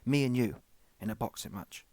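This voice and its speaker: A man's voice: mid-range voice, moderate pace, darkish tone, dry recording, natural voice. A man voicing a brash, cocky middle-aged boxing promoter who taunts a rival and keeps asking "yeah?". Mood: taunting.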